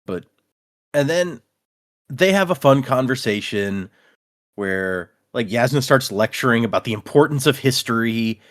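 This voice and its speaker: Animated man recapping a book. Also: medium pitch, unhurried. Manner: animated, acts out characters' lines. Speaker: podcast co-host. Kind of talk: casual book-discussion chat.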